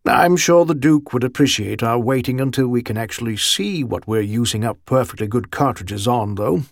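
Brief: calm young lieutenant, soothing and dryly ironic, gravelly tone, voiced by a male audiobook reader. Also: medium pitch, moderate pace, dry recording, clean studio sound.

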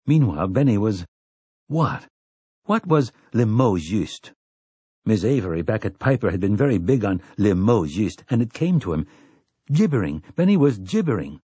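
A man narrates a novel in a measured, steady way. His voice is low and husky, and the recording is dry and close to the mic. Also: no echo. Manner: measured storytelling. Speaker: audiobook narrator. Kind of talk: scripted narration.

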